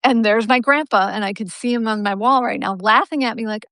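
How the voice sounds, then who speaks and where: A woman telling a personal story with animated energy, laughing easily, on a live video call. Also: on the high side, fairly quick, clean tone, no echo. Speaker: guest yoga teacher.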